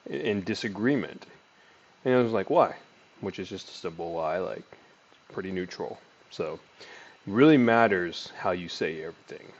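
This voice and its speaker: A man with a lowish voice talks through sales call techniques in a loose, conversational teaching style. He peppers his speech with fillers and restarts, and his inflection swings up and down. The recording sounds a little dull and lo-fi. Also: moderate pace. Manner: lively inflection, pitch rising and falling. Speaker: sales trainer. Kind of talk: casual teaching monologue with role-played call lines.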